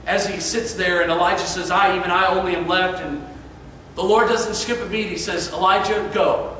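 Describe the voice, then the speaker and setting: A man preaching an evening sermon, earnest and emphatic, dropping soft for quiet passages. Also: sits high, fairly even intonation, a little fast, a little hiss or hum. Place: church sanctuary. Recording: echoey church hall, far from mic.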